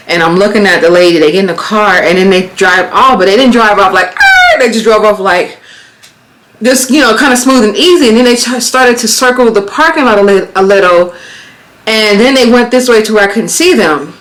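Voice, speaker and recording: American lady in her 30s vlogging, chatty storytelling, gets loud and heated, cusses. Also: mid-range voice, fairly quick, slight background noise, rough recording. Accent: American, Las Vegas. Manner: animated, swearing, rising to exclaim in quoted retellings. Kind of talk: casual storytelling.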